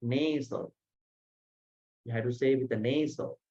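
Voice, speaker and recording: A man teaching a language lesson online, saying each sound slowly and patiently, with frequent pauses. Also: mid-range voice, animated, a little mellow. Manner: slow, patient, pronounces sounds one by one with many "uh" pauses. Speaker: Pali teacher. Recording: dull lo-fi audio.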